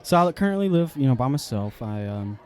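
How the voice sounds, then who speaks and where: An American man co-hosting a podcast, rambling deadpan through an improvised comedy date with lots of fillers. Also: medium pitch, fairly quick. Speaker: podcast co-host.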